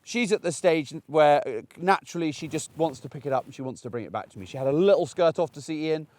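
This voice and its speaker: A man's voice: on the high side, lively intonation, fast talker, darkish tone. Chatty man training a puppy. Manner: chatty, encouraging, with frequent restarts. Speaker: dog trainer. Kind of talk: outdoor training demonstration. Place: outdoors in a paddock.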